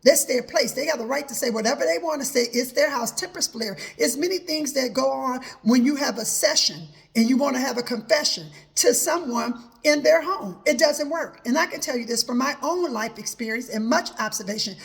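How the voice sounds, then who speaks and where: A woman's voice: high voice, brisk, vocal fry, few pauses. A woman hosting a personal advice talk, telling her own story earnestly and quoting herself with many repetitions of "I said". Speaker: host.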